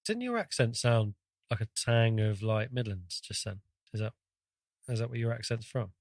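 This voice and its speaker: A man's voice: mid-range voice, expressive, moderate pace, no echo. Joking co-host man, dry sound. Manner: teasing, joking. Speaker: podcast co-host. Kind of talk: casual chat.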